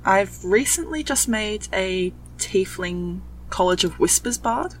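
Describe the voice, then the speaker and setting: A woman's voice: medium pitch, expressive, slow, slight background noise, low-quality recording. A woman guest on a podcast, chatting enthusiastically. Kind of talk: casual chat.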